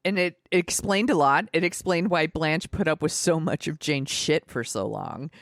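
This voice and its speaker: A woman co-hosting a podcast, recapping a film plot in animated, casual chat. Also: low voice, moderate pace, no echo, clean studio sound. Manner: chatty, animated recapping with laughs and fillers. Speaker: podcast co-host. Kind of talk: casual movie discussion.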